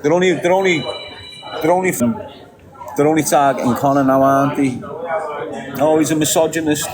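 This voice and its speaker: A man's voice: fairly high pitch, fairly even intonation, normal speed, a crowd in the background, poor audio. A middle-aged man from England with a Liverpool accent, ranting emphatically as a podcast guest, repeating himself and laughing briefly. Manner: emphatic and repetitive, with short laughs. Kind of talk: ranting monologue.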